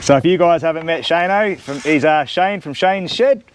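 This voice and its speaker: A man's voice: on the high side, normal speed, slight background noise. A man with an Australian accent, chatting and joking casually while working on a car in his shed. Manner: jokey, teasing, chatty. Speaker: channel host. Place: home shed workshop.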